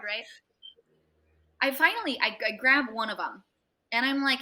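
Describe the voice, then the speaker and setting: Young woman telling a wild story on a podcast, bright punchy voice, kinda high, swears a lot and does voices. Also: fairly quick. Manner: animated, swears freely, acts out voices in anecdotes. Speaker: tattoo artist guest. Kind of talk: casual storytelling interview.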